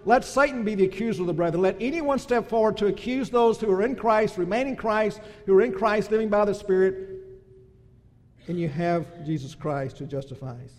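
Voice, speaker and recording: Male preacher with a high voice, delivering a sermon with surging emphatic runs; a long hall reverb. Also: moderate pace. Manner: builds to loud emphatic crescendos, then drops soft.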